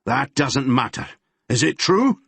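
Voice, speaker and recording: A man voicing a gruff, bullying male detective with a Glaswegian accent, snarling through an interrogation in an audiobook. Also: medium pitch, very animated, measured pace, fairly bright tone, dry recording, pitched above the performer's own voice, exaggerated voice. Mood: menacing. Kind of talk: audiobook character reading.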